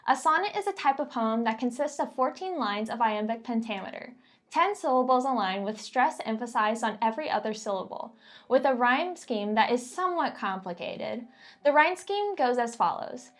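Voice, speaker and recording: Casting: woman co-host, higher voice, playful explainer, faint guitar behind. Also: a bit bright. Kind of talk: scripted educational banter.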